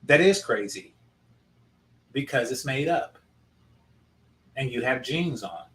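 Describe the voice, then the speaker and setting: A man's voice: medium pitch, lively intonation, takes it slowly, a bit bright. Male reaction host, blunt and sarcastic, casual talk. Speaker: commentator reacting to a clip.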